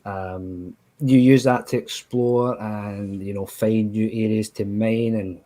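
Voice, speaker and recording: A man's voice: on the low side, fairly even intonation, slow, mellow, low-quality recording. A man talking as a panelist on a casual podcast, rambling with many fillers and restarts. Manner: rambling, with frequent "you know" fillers.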